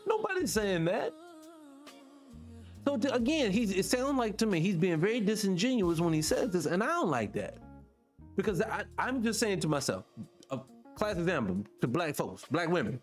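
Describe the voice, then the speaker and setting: Very animated and fairly quick, a man hosts a morning talk show over faint background music, commenting casually on clips he plays. He's blunt, emphatic, and profane, with upward pitch swings as he makes his points.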